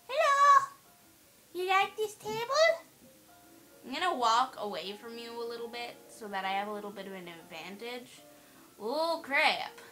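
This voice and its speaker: A woman's voice: on the high side, pushed and bright, low-quality recording. A woman doing let's play commentary on a horror game at her computer, playful, teasing and giggly. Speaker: gamer playing a horror game. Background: faint game music.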